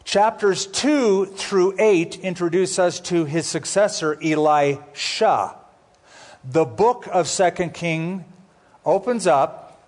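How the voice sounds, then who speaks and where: A pastor with a fairly high voice teaches a Bible sermon in a conversational style. He drops jokey asides and slows down to spell out names.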